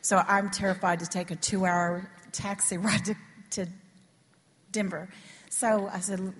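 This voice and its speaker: A woman sharing a testimony in church, speaking hesitantly with halting pauses. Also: fairly low pitch, fairly even intonation. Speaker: pastor's wife sharing a testimony. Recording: long hall reverb, faint noise.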